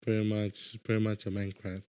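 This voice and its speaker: Mellow low-voiced man co-host. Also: flat delivery, a little fast, clean tone. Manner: easygoing, lots of agreeing murmurs and laughs. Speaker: podcast co-host. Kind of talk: casual podcast chat.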